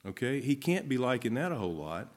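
A man's voice: mid-range voice, big pitch swings, fast. A middle-aged man preaching a sermon, reading scripture aloud and then explaining it in a conversational way. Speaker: pastor.

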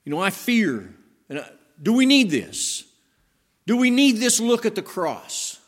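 A man preaching a sermon as pastor, swinging between emphatic rising passages and hushed slow phrases to stress key words. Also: a little high.

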